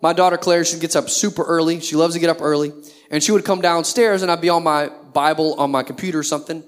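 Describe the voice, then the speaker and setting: A man's voice: fairly high pitch, steady tone, fast. A man in his thirties, a pastor preaching a sermon in a conversational way, full of rhetorical questions.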